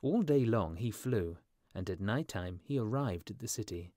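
A man narrating a storybook for English learners with a clear, measured reading. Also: on the low side, expressive, warm tone, dry recording, clean studio sound. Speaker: audiobook narrator.

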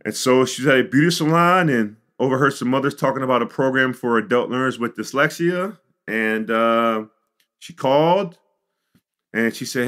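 A middle-aged man from the Chicago suburbs, a podcast guest telling his life story in an animated way, with frequent "you know" and "like". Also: medium pitch. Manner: animated storyteller, acts out quotes. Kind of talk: storytelling interview.

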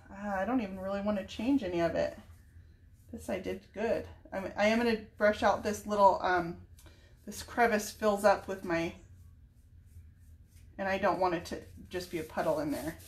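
A woman's voice: mid-range voice, normal speed. Chatty woman painting furniture on camera. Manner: chatty, thinks aloud while working. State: tearful at times. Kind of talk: casual live painting demo.

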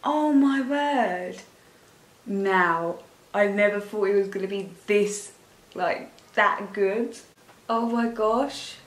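A woman's voice: mid-range voice, slow pace. Young woman, beauty vlogger, rambling casual chat, gushing, roomy echo. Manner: chatty, rambling, gushing with excitement. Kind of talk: casual makeup tutorial chat. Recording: echoey room.

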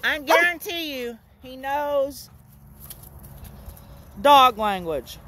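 A woman street preacher giving an informal, animated sermon straight to camera, with playful asides to her listeners. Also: sits high, drawn-out words, a little hiss or hum.

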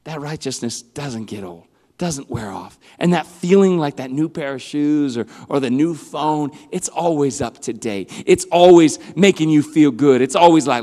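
Guy youth pastor preaching, high voice, big swings loud to quiet, long echo in the church hall. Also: normal speed. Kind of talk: youth sermon.

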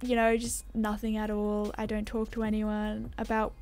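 A woman's voice: mid-range voice, monotone, normal speed, darkish tone, faint music behind. A young Australian woman chatting casually as a gaming YouTuber, rambling and self-deprecating as she answers viewer comments.

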